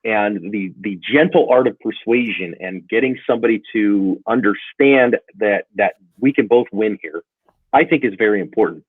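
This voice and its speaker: A man's voice: lowish voice, moderate pace, slightly rough, dry recording. A middle-aged man telling stories in a casual interview and acting out the dialogue in them. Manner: animated, acts out dialogue in stories. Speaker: self-defense channel guest. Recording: tinny phone-like line, dry.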